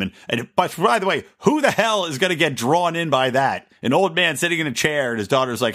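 A man hosting a solo political podcast, talking in a sarcastic, mocking, animated way. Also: fairly high pitch, moderate pace. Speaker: podcast host.

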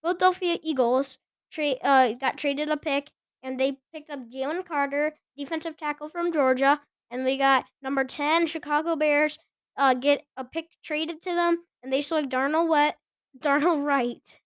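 High-voiced chatty woman podcaster. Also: steady tone, normal speed, no room sound. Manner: chatty, giggly, stumbles over names. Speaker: podcast host. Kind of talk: casual sports chat.

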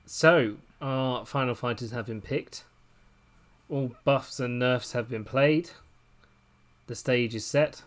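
A man's voice: medium pitch, slow. A man hosting a podcast and acting as judge, trying hard to keep things fair. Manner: refereeing, trying to stay fair. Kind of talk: casual chat.

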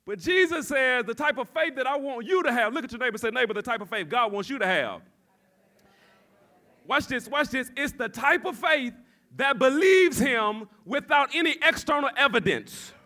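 An expressive male pastor preaches a full sermon at normal speed in a very high voice with a bright, forceful edge. He prompts the congregation to respond and climbs into shouts.

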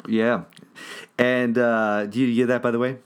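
A man's voice: mid-range voice, level tone, unhurried, slight background noise. A man hosting a podcast, chatting in an easygoing, talkative way and laughing easily. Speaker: podcast host. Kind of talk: casual chat.

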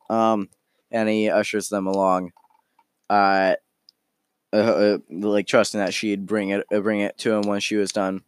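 A man's voice: fairly low pitch, level tone, measured pace, clear, resonant tone, no room sound. A man recounting a tabletop game session in a hesitant way, full of fillers and restarts. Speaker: storyteller.

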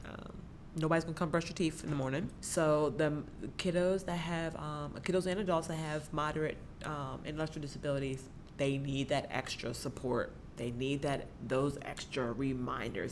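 A woman's voice: low voice, a little mellow, slight background noise. A woman, a special education teacher speaking as a podcast guest, talking animatedly and laughing often. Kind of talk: conversational podcast interview.

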